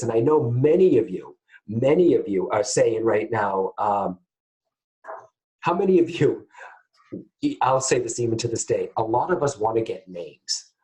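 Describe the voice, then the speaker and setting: Brief: male medium teaching casually to camera, mid pitch, lively, keeps asking "okay?". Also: rough recording. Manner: animated, keeps checking in with "guys, okay?". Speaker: psychic medium teaching students.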